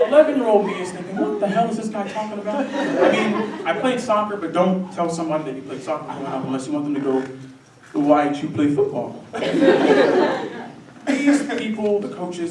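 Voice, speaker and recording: A young man performing a wry, animated comic monologue on stage. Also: fairly high pitch, very noisy. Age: young adult. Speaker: student solo performer. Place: theatre stage before a live audience. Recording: roomy stage sound from a distant mic.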